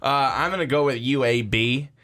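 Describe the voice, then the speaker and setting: A man's voice: mid-range voice, moderate pace, a bit bright. Hesitant man on a sports podcast. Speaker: podcast co-host. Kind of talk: casual sports podcast chat.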